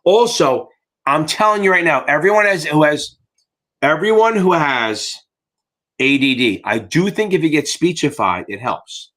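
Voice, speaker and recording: Middle-aged man, exam-tutor host, sharp and bright tone, slightly high voice, casual, salty, rambling. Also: sing-song, moderate pace. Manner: rambling, profane, jokey. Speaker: exam tutor hosting a live Q&A. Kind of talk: casual livestream chat.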